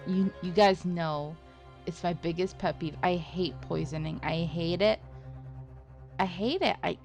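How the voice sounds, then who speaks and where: A woman commenting on a game she is playing at home, ranting with animated repeats and frequent laughter. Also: mid-range voice. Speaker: let's play commentator.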